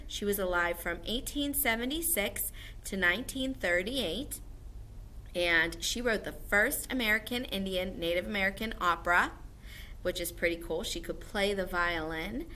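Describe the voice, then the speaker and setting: A woman's voice: mid-range voice, moderate pace, pushed and bright, a little hiss or hum. A woman music teacher giving a recorded video lesson to first graders, upbeat and encouraging, explaining things simply for young children.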